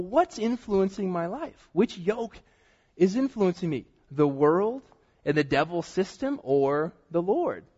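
Man, pastor, sermon, lively pitch, church hall with long reverb. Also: breathy edge, lo-fi sound. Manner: animated preaching, dropping to quiet emphasis.

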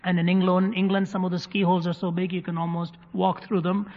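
Preacher, male, high voice, humorous storyteller, muffled echoey hall recording. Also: little pitch movement, quick pace. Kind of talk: sermon storytelling. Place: hall with live audience. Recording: dull recording in a reverberant hall.

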